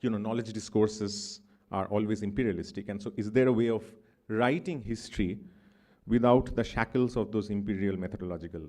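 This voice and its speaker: A man's voice: fairly low pitch, brisk, a little mellow. Bengali-accented man giving an academic talk. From India. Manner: thoughtful, discursive, many fillers and asides. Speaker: conference speaker. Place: conference hall.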